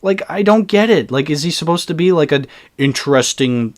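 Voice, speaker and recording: A man's voice: a little high, lively intonation, fairly quick. A young man giving a casual, sarcastic film review, exasperated and swearing freely. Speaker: movie reviewer.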